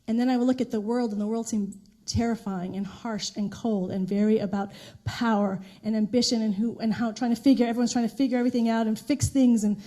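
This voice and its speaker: A middle-aged woman minister preaches in a loose, conversational way, telling stories with restarts and the odd soft laugh. Her voice sits a little high, with a mellow, warm tone. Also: fairly even intonation, quick pace. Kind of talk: sermon. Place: church sanctuary.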